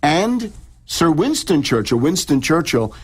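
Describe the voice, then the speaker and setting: Lecturing man with a husky voice. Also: a little high, very animated, a little slow. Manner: lecturing, frequent restarts and repeated words. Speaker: in-studio guest author and researcher. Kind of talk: talk radio interview. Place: radio studio.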